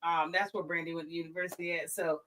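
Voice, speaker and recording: A woman co-hosting a podcast, chatting casually about sports, animated and teasing in her playful trash talk. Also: lowish voice, quick pace, low-quality recording. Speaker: podcast co-host.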